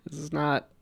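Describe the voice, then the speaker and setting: A man's voice: fairly high pitch, creaky, a bit bright, husky. A man chatting casually on a live stream while he works, congested from a cold, rambling and self-deprecating with frequent laughs.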